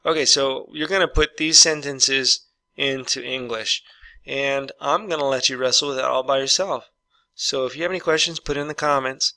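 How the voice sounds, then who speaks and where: A man's voice: mid-range voice, fairly even intonation, normal speed, pushed and bright, no room sound. A man teaching an English grammar lesson, patiently walking through example sentences and repeating each one.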